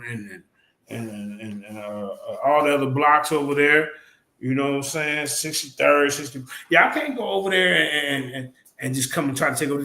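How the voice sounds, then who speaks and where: A man's voice: a little high, bright, forceful tone. Rambling male stream host, echoey room. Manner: loose, repetitive, swears casually. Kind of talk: casual live stream talk.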